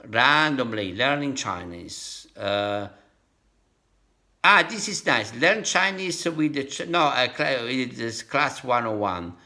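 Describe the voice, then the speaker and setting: A man with an Italian accent talks very slowly, stopping and starting as he repeats sounds to himself. His pitch swoops up and down, and his voice has a bright, forceful edge. He sounds like a vlogger working through a lesson out loud. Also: animated. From Italy. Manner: halting, repeats syllables to drill tones. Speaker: language-learning vlogger. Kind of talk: thinking aloud while practicing.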